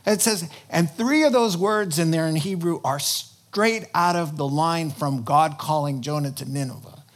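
A fairly high-voiced man preaches a sermon in a loose, conversational way. He talks to the congregation like a friend, then suddenly pushes his voice up for emphasis. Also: a little slow. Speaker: pastor.

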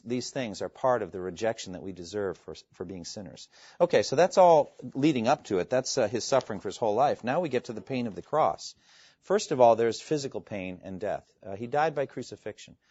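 A man preaching a sermon, earnest and emphatic, quoting scripture and pausing for effect. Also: medium pitch, expressive, darkish tone, breathy edge, no echo. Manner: earnest, emphatic, with dramatic pauses and quoted scripture. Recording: dull lo-fi, dry sound.

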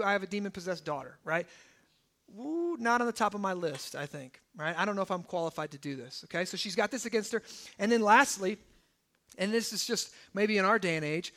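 Bright, high-voiced male preacher. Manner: conversational, peppers points with "right?" and "okay?". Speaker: pastor. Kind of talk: sermon.

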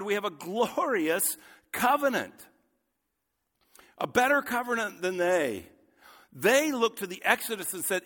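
A man delivers a sermon from the pulpit in a fairly high, bright and forceful voice. He speaks with earnest conviction that swells into fervent emphasis. His words carry a long reverb, as in a large church hall. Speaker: pastor.

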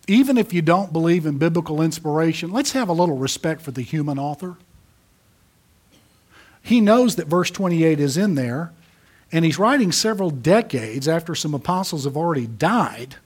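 A man preaching a sermon, emphatic, rising to loud peaks and dropping to soft asides. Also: on the high side, animated, moderate pace, pauses often, slightly rough. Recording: audio of a church sermon.

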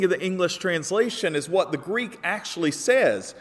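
A man preaching a sermon with a slightly high voice. He explains patiently, then lifts to emphatic peaks on key quotations. His voice rings out with a long hall reverb. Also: animated, normal speed. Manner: earnest, builds to emphatic peaks when quoting. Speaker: pastor.

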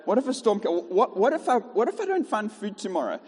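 A man's voice: high voice, big pitch swings, darkish tone, slightly rough, in a large hall, pitched above the performer's own voice, heavily acted. Man doing a panicky fretting bird. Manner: frantic rapid-fire worrying questions. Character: anxious fretting little bird.

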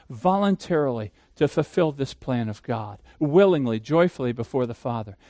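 Animated high-voiced male preacher. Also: no room sound, clean studio sound. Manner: asks the listeners questions and answers them himself; emphatic preaching. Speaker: pastor. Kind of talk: sermon.

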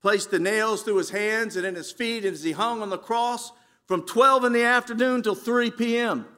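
A man preaches with a high, bright voice. He swings from loud, emphatic phrases down to hushed lows. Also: moderate pace. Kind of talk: dramatic sermon.

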